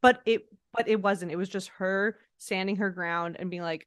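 A woman co-hosts a podcast, swearing freely and offering blunt, opinionated takes in casual conversation. Her voice is on the low side at a normal speed, recorded dry with clean studio sound.

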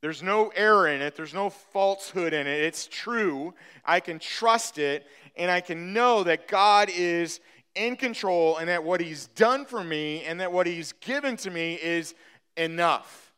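A man's voice: high-pitched, unhurried, pushed and bright, smooth. A middle-aged man preaching a sermon, telling a personal story in a conversational way with many fillers and restarts, building to emphatic points. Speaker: pastor.

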